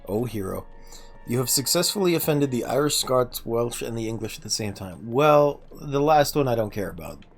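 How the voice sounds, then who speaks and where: With soft music playing behind him, a man streams gameplay and chats loosely with his audience, joking and talking to himself. His delivery is expressive and moderately paced, though he lapses into low muttering when concentrating on play.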